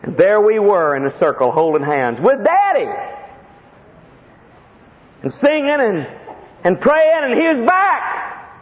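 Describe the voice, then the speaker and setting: A man preaching a sermon as a personal story, impassioned, with sudden leaps in pitch and heavy emphasis. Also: sing-song, takes it slowly, long pauses. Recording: echoey hall, dull lo-fi sound.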